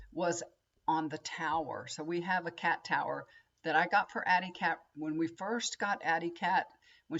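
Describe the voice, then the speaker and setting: A woman's voice: low-pitched, a bit bright, lo-fi sound. A woman chatting casually to her viewers, rambling, folksy and full of asides. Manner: chatty, folksy, addresses viewers as y'all, frequent laughs and asides. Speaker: tarot reader and vlogger. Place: home.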